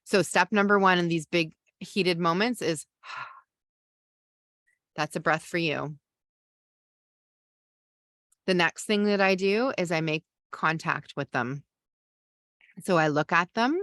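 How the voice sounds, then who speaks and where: A middle-aged woman hosting a parenting podcast, teaching a masterclass in a calm, gentle coaching voice with slow pauses and soft sighs. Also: on the low side, no echo, clean studio sound.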